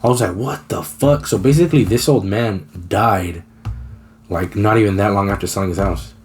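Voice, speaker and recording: A man's voice: on the low side, a little fast, a little mellow, faint music behind. A young man co-hosting a podcast, telling a story in casual, slangy, profane talk. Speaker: podcast co-host.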